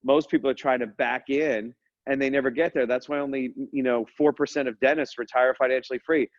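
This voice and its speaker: A man's voice: medium pitch, brisk, no echo. Upbeat joking man, dry dull podcast sound. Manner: energetic, joking, prone to tangents. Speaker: dental practice business coach, podcast host. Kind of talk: casual podcast chat.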